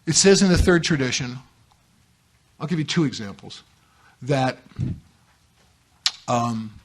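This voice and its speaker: A middle-aged man with a husky, slightly breathy voice giving a personal testimony at a recovery meeting. He talks candidly and laughs at himself, often swinging into lively, emphatic bursts before settling back down. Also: medium pitch. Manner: candid, self-mocking, with animated outbursts.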